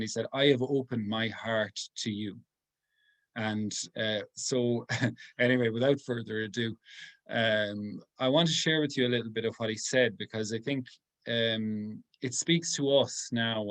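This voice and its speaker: A man, a priest giving an informal talk to a group. He speaks earnestly and softly, pausing often as he thinks aloud. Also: medium pitch. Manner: halting, thinking aloud with many pauses.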